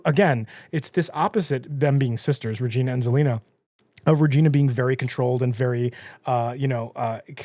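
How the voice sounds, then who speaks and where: A man hosting a podcast, casually recapping an episode, chatty and quick to laugh, slipping into brief character voices. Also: medium pitch, a little mellow, no echo. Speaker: podcast host.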